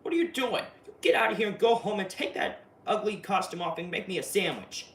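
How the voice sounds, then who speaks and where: Brief: bullying husband, voiced by a man, raised pitch, barking and scornful, roomy distant sound. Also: lively intonation, brisk, fairly bright tone, a little hiss or hum. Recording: roomy, distant mic, faint ambience.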